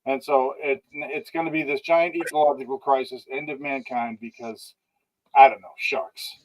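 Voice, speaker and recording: A man's voice: mid-range voice, steady tone, normal speed, rough recording. A man co-hosting a podcast, ranting in an exasperated, casual way about a bad movie. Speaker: podcast co-host. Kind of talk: casual movie review chat.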